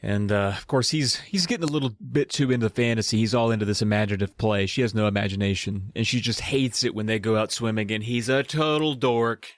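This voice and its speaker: A man's voice: on the low side, quick pace, hardly any pauses, no room sound, clean studio sound. A man co-hosting a casual book podcast, summarizing the plot with wry humor. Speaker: podcast co-host.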